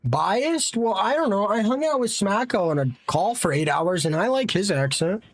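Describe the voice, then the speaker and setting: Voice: mid-range voice, lively intonation, normal speed. A young adult streamer giving live commentary on a battle royale game, exasperated, repeating disbelieving questions and answering the chat. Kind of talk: live gameplay commentary chatting with viewers.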